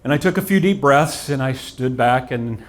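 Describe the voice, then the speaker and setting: A man's voice: medium pitch, lively intonation, moderate pace. A man in his forties giving an earnest, reflective personal testimony, with frequent restarts. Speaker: guest telling his story.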